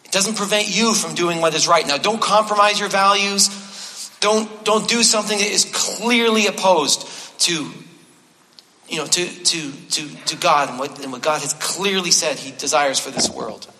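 A man preaches a sermon as pastor in a church sanctuary, his voice sitting high, bright and forceful at a normal speed. He talks conversationally with touches of self-deprecating humor, repeating key phrases for emphasis, and the recording carries the long reverb of a large hall.

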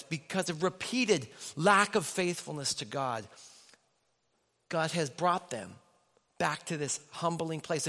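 A man preaching a sermon as the pastor in a church, telling stories in an animated way and acting out the voices in people's heads. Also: sits high. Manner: animated storytelling with acted inner voices. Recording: long reverb of a church hall.

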